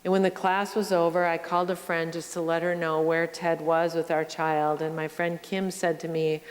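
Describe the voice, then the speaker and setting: A middle-aged woman pastor giving a sermon, telling stories slowly and reflectively and speaking straight to her congregation. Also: on the low side, fairly even intonation. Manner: slow, reflective storytelling with direct address to the congregation. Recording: long church reverb.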